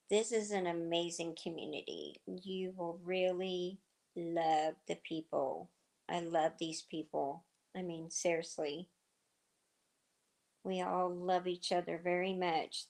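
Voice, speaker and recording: A middle-aged woman hosting a livestream, chatting casually and telling rambling stories with lots of fillers, her voice slightly hoarse. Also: on the low side. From southern United States. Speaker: livestream host. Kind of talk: casual chat with viewers.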